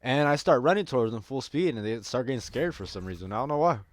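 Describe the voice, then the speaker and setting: A man's voice: medium pitch, lively intonation, fast, no echo. A man giving casual gameplay commentary, rambling and joking crudely with a lot of swearing. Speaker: gaming streamer.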